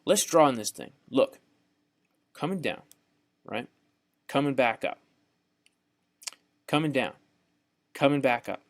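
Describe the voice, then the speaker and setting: A man's voice: medium pitch, animated, slow pace, long pauses. A young man with a Southern US accent, teaching a trading course over a screen share, folksy and repetitive, often checking in with "right?". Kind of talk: screen-share tutorial narration.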